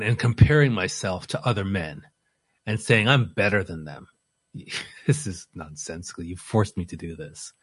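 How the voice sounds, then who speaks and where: Male preacher, lower voice, husky, animated sermon delivery, dry recording. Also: no echo. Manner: animated, voices the apostle in first person with rising emphasis; repeats words when starting phrases. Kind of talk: expository sermon.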